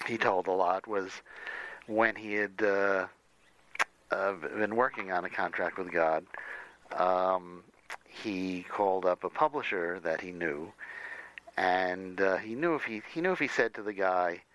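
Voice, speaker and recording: Low-voiced man rambling on comics history. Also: a little slow, a bit bright, dry recording, lo-fi sound. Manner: rambling, many restarts and fillers. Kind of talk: casual conversation.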